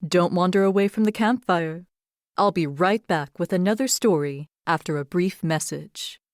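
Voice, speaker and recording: A young adult woman hosting a podcast, reading fairy tales aloud and reflecting on faith in an earnest, expressive way. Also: fairly low pitch, normal speed, no room sound, clean studio sound. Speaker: podcast host and storyteller. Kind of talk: storybook narration and devotional reflection.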